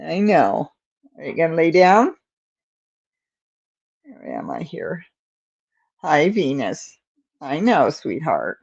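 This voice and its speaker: A woman's voice: low voice, wildly swooping pitch, slow, gravelly, pauses often, a little mellow, husky. A woman hosting a casual crochet livestream, cooing in baby talk to her cat between rambling asides, on a slightly dull recording. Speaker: crochet channel host.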